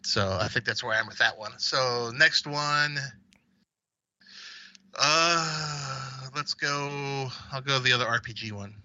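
A man rambles casually about games on a podcast, his voice very bright and forward. The sound is dry and close, though a little dull in band. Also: medium pitch, takes it slowly, dry recording. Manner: rambling, with many fillers and restarts. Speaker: podcast co-host.

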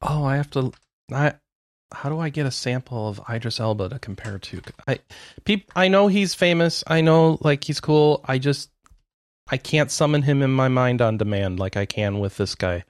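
A man co-hosts a podcast, chatting casually about games in a mid-range voice at a moderate pace. He rambles, cuts himself off, and laughs often, in a dry, clean studio recording.

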